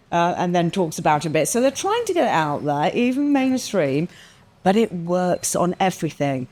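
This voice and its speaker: A woman, a podcast guest, telling a personal story in a lively, expressive way, acting out the quotes and swearing casually. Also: lowish voice, normal speed.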